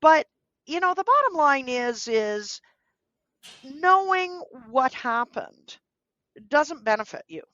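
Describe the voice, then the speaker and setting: A woman guest in a podcast interview, speaking earnestly and gently giving advice, now and then acting out what people might say. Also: high voice, big pitch swings, takes it slowly, pauses often, dull audio. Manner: earnest, gently advising, acts out quoted speech. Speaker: guest, dog trainer.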